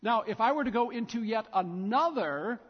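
A man's voice: very high voice, expressive, normal speed, husky. A man preaching a sermon in a church, telling the story emphatically with lots of repetition. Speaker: pastor. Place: church sanctuary. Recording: dull recording with long church reverb.

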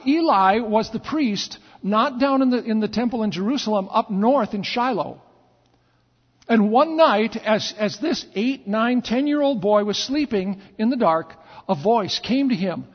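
A pastor telling stories in a sermon, with repeated phrases and dramatic pauses. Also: male voice, high-pitched, lively intonation. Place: church sanctuary. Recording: long church reverb, dull lo-fi sound.

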